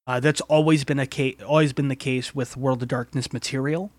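A man's voice: mid-range voice, fairly even intonation, a little fast, dry recording. A man hosting a casual podcast, rambling with frequent laughs and casual swearing. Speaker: podcast host and game master.

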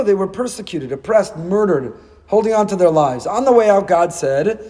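A man, a rabbi giving a Torah class, animated and acting out dialogue with rhetorical questions. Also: high voice, moderate pace, big-room sound.

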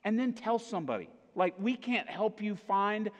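A man's voice: sits high, lively intonation, moderate pace, dull audio. An American man preaching a casual sermon, joking with the congregation and often checking in with "okay?" and "right?". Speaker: pastor. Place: church auditorium. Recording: echoey hall reverb.

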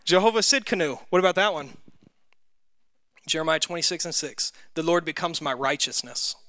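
A man's voice: on the high side, lively intonation, moderate pace, bright, forceful tone, dry recording, clean studio sound. A man with a Southern US accent teaching a Bible class, casually quizzing the group and poking fun at himself. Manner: conversational, quizzes the group, self-deprecating.

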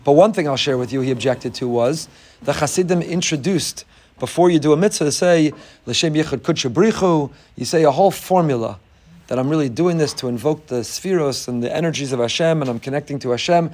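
Animated rabbi teaching a class. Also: male voice, brisk. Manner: animated storyteller, rising high when acting out others. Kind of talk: Torah class lecture.

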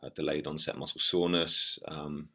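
Very deep, flat-voiced male host. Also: moderate pace. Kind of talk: casual podcast chat.

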